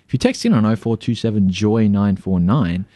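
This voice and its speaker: A man's voice: on the low side, expressive, moderate pace, dark tone, no echo. A man co-hosting a radio show, joking and laughing through casual banter with many restarts. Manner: jokey, stammering restarts, laughs often. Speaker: radio co-host. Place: radio studio.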